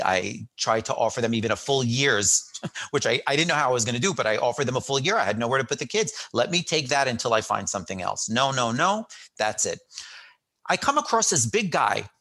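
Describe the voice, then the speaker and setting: A middle-aged man spinning a story in a casual interview chat. His voice is bright and forward, with lively swings in pitch. He acts out quoted lines and often restarts his sentences as he goes. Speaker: guest.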